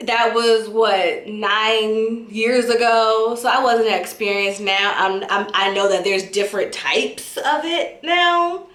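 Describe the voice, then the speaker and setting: A young adult woman telling a story time in a vlog, animated and dramatic, often breaking into laughter. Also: on the high side, takes it slowly, few pauses. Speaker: vlogger. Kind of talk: casual storytelling. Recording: roomy echo.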